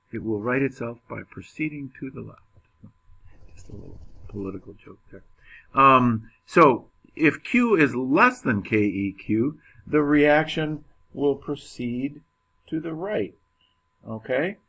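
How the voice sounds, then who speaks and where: A man's voice: mid-range voice, gravelly, fairly bright tone. A man teaching a chemistry lecture in a casual, joking way, with many fillers and restarts. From United States. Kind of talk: classroom lecture.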